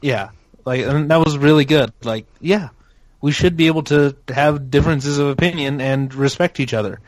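A man's voice: on the high side, normal speed, dry recording. A man hosting a casual podcast chat. He hesitates a lot, restarts his sentences and laughs easily. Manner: hesitant, many ums and restarts, laughs often. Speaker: podcast host.

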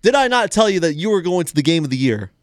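A man's voice: on the high side, very animated, quick pace, no echo, clean studio sound. A man co-hosting a podcast in casual banter, laughing often and arguing his point. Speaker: podcast co-host. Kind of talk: casual chat.

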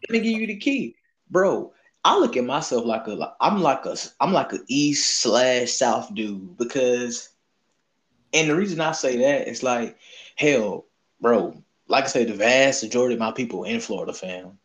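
A man with a Southern US accent hosts a relaxed chat, his pitch rising and falling in lively swings. He talks in easygoing slang and laughs often. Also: normal speed. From Southern United States. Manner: laid-back slangy banter, laughs often. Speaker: podcast host. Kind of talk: casual chat.

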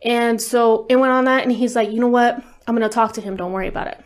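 A woman's voice: fairly high pitch, steady tone, quick pace. A woman speaking as an interview guest, telling a personal story in a casual, candid way, swearing often and leaning on fillers. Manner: candid, profane, lots of fillers.

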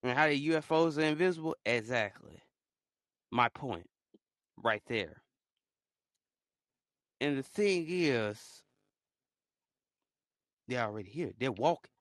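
Excitable man rambling in a dry close-mic'd room. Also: takes it slowly, pauses often, no echo. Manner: rambling, excitable, swings between low mutters and loud outbursts. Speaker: podcaster. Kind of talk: casual solo monologue.

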